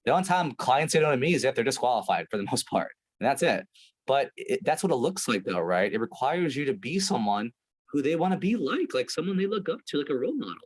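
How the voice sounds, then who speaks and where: A man coaching a sales team in blunt, profane, animated talk, acting out short scenes. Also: medium pitch, fast, husky.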